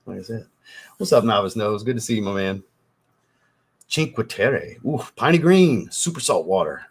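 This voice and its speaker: A man's voice: lowish voice, lively intonation, moderate pace, husky. A man hosting a fragrance livestream, chatting casually with viewers and reading their comments, loose and profane, getting over a cold. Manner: loose and profane, swears often.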